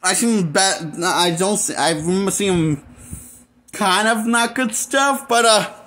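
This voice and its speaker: A man's voice: high-pitched, unhurried, a bit bright. A man reviewing a movie in a casual, rambling rant, full of restarts and blunt, exasperated complaints. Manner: rambling, with frequent restarts and fillers. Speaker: movie critic.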